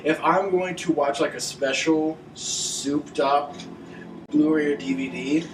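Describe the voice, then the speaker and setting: A man's voice: fairly high pitch, steady tone, slow, background noise. A man co-hosting a casual film commentary, blunt, profane and joking. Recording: echoey room, distant mic, film music behind. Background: film soundtrack music.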